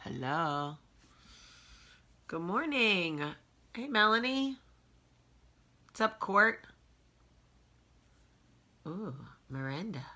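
A woman's voice: medium pitch, very animated, extremely slow, pauses often, bright, forceful tone. A woman in her forties hosting a casual morning live chat from home, chatty and greeting viewers by name. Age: 40s. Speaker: host.

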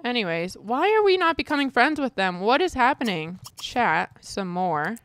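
A woman's voice: a little high, very animated, normal speed, fairly bright tone. Chatty, exasperated woman streamer. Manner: chatty and exasperated, casual swearing. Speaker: gaming streamer. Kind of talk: casual gameplay commentary.

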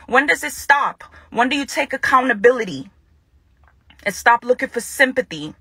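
A woman's voice: high voice, expressive, normal speed, bright, forceful tone, breathy edge, dry recording. A woman vlogging straight to the camera in a confrontational way, repeating her phrases for emphasis, with a Jamaican accent. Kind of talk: direct-to-camera vlog rant.

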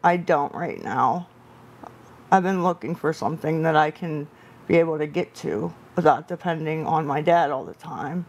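A woman's voice: low voice, normal speed, a little mellow. A woman hosting a late-night live stream, answering viewer comments in a weary, apologetic way while tired and upset. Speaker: livestream host.

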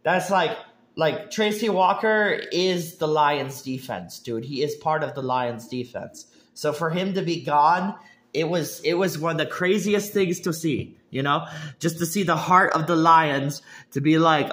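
Young man, sports vlogger, rambling heated rant, somewhat high voice. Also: animated, moderate pace. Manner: rambling, heated, many restarts; bursts into shouting and laughter.

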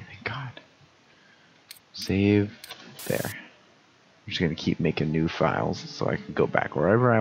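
A man's voice: deep voice, vocal fry. A tired young man with a sore throat, talking through a video game in late-night commentary, groggy and joking at his own expense. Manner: tired, groggy, self-mocking. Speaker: gameplay commentator.

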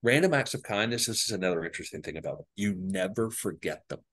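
A man's voice: lowish voice, lively intonation, fast, a bit bright. A male psychologist, a podcast guest, telling personal stories earnestly with lots of filler words. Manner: earnest anecdotal storyteller with frequent fillers. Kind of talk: podcast interview storytelling.

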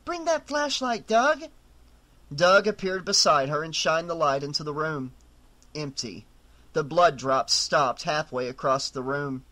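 Horror audiobook narrator, man, bright forceful tone, slightly high. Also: unhurried.

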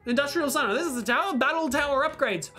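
A woman hosting a let's play, thinking aloud as she plays, excitable and swearing freely. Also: high-pitched. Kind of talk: gameplay commentary.

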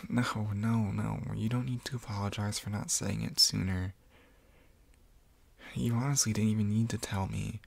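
A man talking softly in a whispered role-play, gentle and reassuring. His low voice is gravelly and husky, and he takes his time with every phrase. The sound is close and dry. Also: fairly even intonation, moderate pace, no room sound. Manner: gentle, reassuring, soft-spoken. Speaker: ASMR roleplayer.

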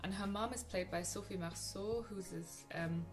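A woman's voice: medium pitch, normal speed, soft background music. A young woman casually talking about favourite films, chatty and gushing, with frequent ums and restarts. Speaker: film vlogger. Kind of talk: casual film recommendations to camera.

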